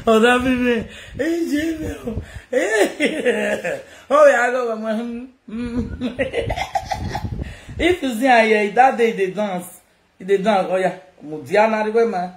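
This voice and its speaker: A Nigerian woman chatting casually to her followers, loud and teasing, often laughing. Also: fairly high pitch, lively intonation, takes it slowly, long pauses. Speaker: social media personality. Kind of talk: casual self-recorded chat to followers. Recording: echoey room with faint noise.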